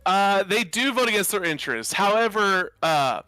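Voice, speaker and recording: An earnest male candidate talking about his campaign in an interview, his voice bright and fairly high. The sound is dry and close. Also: lively intonation, normal speed, smooth, no room sound, soft background music. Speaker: political candidate guest.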